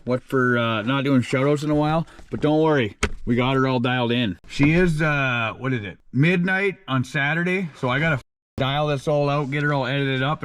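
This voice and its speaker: A man's voice: on the high side, dry recording. A man hosting his own channel, reading out supporters' names in a casual, crude, joking way, full of slang. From Canada. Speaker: channel host. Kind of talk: casual patron shout-outs.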